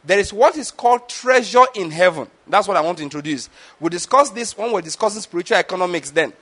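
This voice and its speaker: A man's voice: high voice, expressive, fast, pushed and bright. A man, preaching a teaching sermon and often checking that the listeners follow. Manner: asks the audience questions, repeats words. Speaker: pastor.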